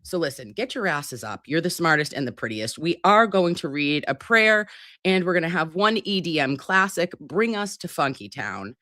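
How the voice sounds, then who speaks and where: A woman with a lowish voice that swoops up and down as she chats on a live stream. She teases her viewers and swears freely. The sound is close and dry. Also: moderate pace, no echo. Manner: profane, playful, teasing; animated, swooping delivery. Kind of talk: casual live-stream commentary.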